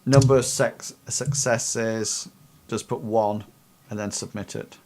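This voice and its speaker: A man's voice: lowish voice, steady tone, slow, darkish tone. A man acting as game master for a tabletop role-playing game. He narrates the scene loosely, padding his sentences with ums and "sort of, like" as he goes. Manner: rambling, filler-heavy narration.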